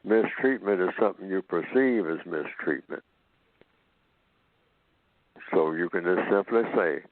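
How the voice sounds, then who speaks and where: A man speaking as a guest on a call-in radio show, explaining slowly and acting out example conversations. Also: on the low side, expressive, no echo. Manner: explains slowly and acts out sample dialogues. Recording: dry tinny phone line.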